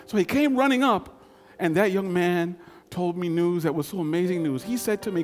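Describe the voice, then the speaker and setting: A man in his fifties telling a personal story in a folksy, conversational way with dramatic pauses. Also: high voice, big-room sound.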